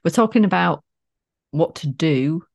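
A woman's voice: low voice, lively intonation, a little slow, vocal fry. A middle-aged woman co-hosting a casual podcast, playful and teasing. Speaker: podcast co-host. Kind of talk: casual chat.

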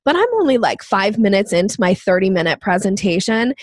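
An animated woman in her fifties, telling a story from her sales days with quick, lively energy. Her voice sounds dry and close, with no room echo around it. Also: medium pitch. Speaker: guest. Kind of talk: storytelling in a podcast interview.

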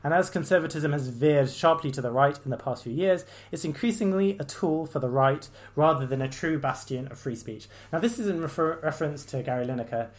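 A man's voice: fairly high pitch, a little fast, hardly any pauses. A man hosting a solo podcast, a doctor, talking in a loose, rambling way with an exasperated, sardonic edge. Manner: exasperated, sardonic, mocking quoted voices; loose and rambling, with many fillers and restarts.

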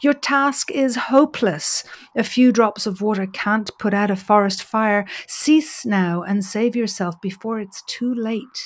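A woman's voice: mid-range voice, measured pace, lightly acted. A woman voicing a solemn, majestic male eagle who is a god.

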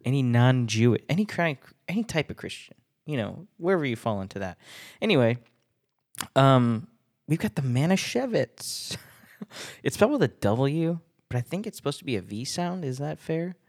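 A man's voice: mid-range voice, very animated, normal speed, darkish tone. A man hosting a casual solo podcast, rambling and self-deprecating, laughing often between thoughts. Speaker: podcast host.

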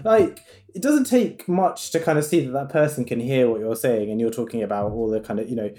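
A man's voice: medium pitch, fairly quick, warm tone. A man, a doctor, chatting casually and reflectively with many filler words. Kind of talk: casual podcast chat.

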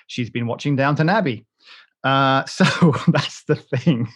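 A British podcast host with a mid-range, slightly bright voice chats casually at a measured pace. He rambles and jokes, with lots of restarts and fillers.

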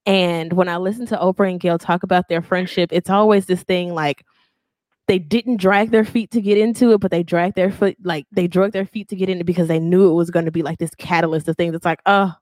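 A woman's voice: on the low side, brisk, dry recording. A woman co-hosting a casual podcast, talking expressively. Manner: expressive, animated storytelling. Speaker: podcast co-host. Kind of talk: casual chat.

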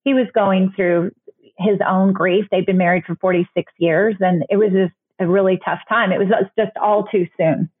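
A woman's voice: mid-range voice, fairly even intonation, moderate pace, husky. Candid woman on a phone-like line. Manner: candid, many restarts and fillers. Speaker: guest, author. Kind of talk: interview storytelling.

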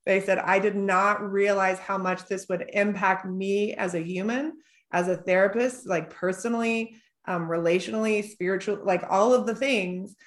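A woman's voice: mid-range voice, normal speed. A middle-aged woman therapist who co-hosts a group Q&A, chatting and telling stories with frequent laughter. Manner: chatty, animated storyteller, laughs often. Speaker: podcast co-host and business coach for therapists. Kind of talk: casual group Q&A chat.

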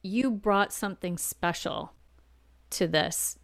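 A woman's voice: on the low side, takes it slowly, creaky. A woman hosting a casual interview, asking questions and chiming in playfully with laughs. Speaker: host.

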